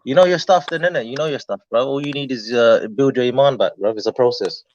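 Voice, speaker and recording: A man presses his questions again and again in casual, slangy speech. He sits at a middle pitch. The sound is dull and lo-fi, like a streamed call. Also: quick pace, a little mellow, slight background noise. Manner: insistent, demanding, slangy. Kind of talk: live debate chat.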